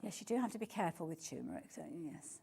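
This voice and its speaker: Fairly low and animated, her voice is rapid-fire, mellow, slightly rough, and marked by vocal fry. She presents fabrics on a live shopping channel broadcast from a studio, gushing chattily and praising each design as beautiful again and again.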